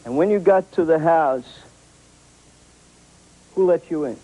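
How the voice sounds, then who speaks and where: A man's voice: fairly high pitch, measured pace, phone-quality sound. A man asking short, direct interview questions.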